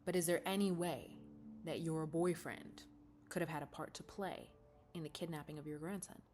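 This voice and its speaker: A woman's voice: deep voice, steady tone, moderate pace, a little mellow, soft background music, lightly acted. A woman voicing a male head knight who speaks politely and steadily, in a bedtime story. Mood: calm.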